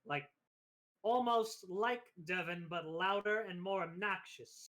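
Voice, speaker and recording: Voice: mid-range voice, slow pace, fairly bright tone. A tabletop game player casually explaining how to do a voice.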